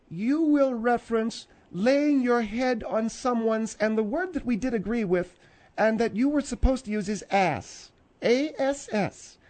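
A man voicing a domineering, bossy woman who calls in to a radio show, snapping orders slowly and primly. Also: extremely high pitch, darkish tone, pitched above the performer's own voice. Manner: commanding, slow and prim, snapping orders. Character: bossy domineering middle-aged woman caller, scolding. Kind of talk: comedic radio character acting.

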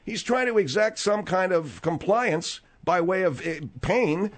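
A man hosting a late-night radio talk show at a studio microphone. His voice sits a touch high and swings widely in pitch. He talks bluntly and conversationally with callers. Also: lively intonation, measured pace.

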